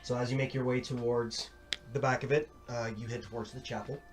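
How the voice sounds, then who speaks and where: A man's voice: medium pitch, little pitch movement, distant mic, over music. Man narrating as dungeon master. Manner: descriptive, slow dramatic narration with fillers. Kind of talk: narrating a tabletop game.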